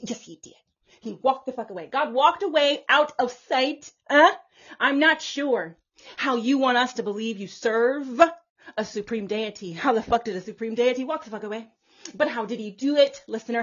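Woman, self-styled prophetess, profane emphatic preacher, husky voice, muffled lo-fi sound. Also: on the high side. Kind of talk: impassioned preaching monologue.

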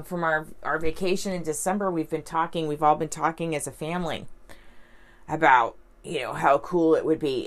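A woman talking casually to camera as a vlogger and life coach, in a rambling, upbeat way full of fillers and restarts. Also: sits low. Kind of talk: casual vlog storytelling.

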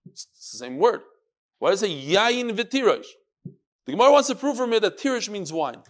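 Animated man teaching Talmud. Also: sits high, brisk. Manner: lively, questioning, mixes Yiddish and Hebrew terms. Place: classroom or study hall with students.

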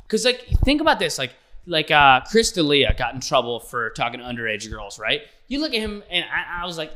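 Bright-voiced young man ranting. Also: on the high side. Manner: rambling, profane, laughs often. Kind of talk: casual comedic rant.

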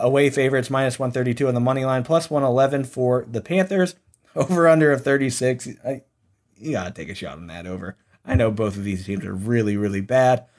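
A young man hosting a sports podcast, running through football picks in a casual, opinionated way that sometimes turns into ranting. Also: medium pitch. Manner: opinionated, ranting, laughs at own jokes. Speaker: podcast host. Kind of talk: casual sports betting chat.

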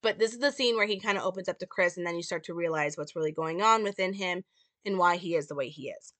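A woman's voice: fairly low pitch, fast talker, a bit bright, dry recording. A woman casually reading and explaining a film script, with many fillers like "like" and "um". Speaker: presenter.

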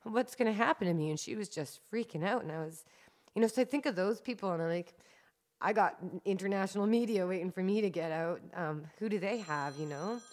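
Low-voiced woman telling her story earnestly. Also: fairly quick, a little mellow. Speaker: cannabis activist guest. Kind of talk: conversational interview.

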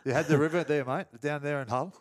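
A man's voice: fairly high pitch, fairly even intonation, quick pace, no echo, studio quality. A man, hosting a casual interview and asking friendly questions, often calling the guest mate. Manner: friendly, says mate a lot. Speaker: podcast host, former rugby league player.

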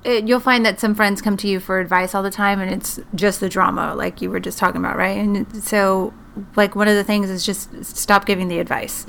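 A woman's voice: medium pitch, steady tone, a little fast, vocal fry, fairly bright tone, slight background noise. A woman co-hosting a casual advice chat, encouraging and direct, who talks to listeners as "guys" and lays out her points step by step. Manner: lists points and steps firmly. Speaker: podcast co-host.

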